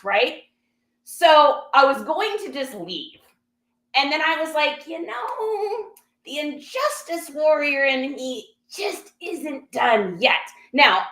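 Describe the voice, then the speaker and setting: Animated high-voiced woman telling a story. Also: reverberant. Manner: animated, acts out other people's lines in quotes. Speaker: reseller sharing a garage sale haul. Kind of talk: casual storytelling to viewers.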